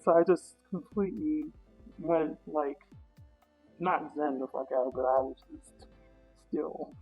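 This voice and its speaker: An interview guest, a woman, tells a wild story in casual talk, animated and swearing freely, acting out her own reactions with sudden high, loud bursts. Her voice is unhurried and slightly rough. The audio is dull and lo-fi, with faint music underneath.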